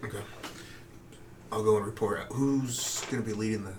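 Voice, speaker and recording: A man's voice: lowish voice, fairly even intonation, moderate pace, distant mic, background noise. An easygoing man talking as a player at a game table. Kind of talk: casual banter at a game table.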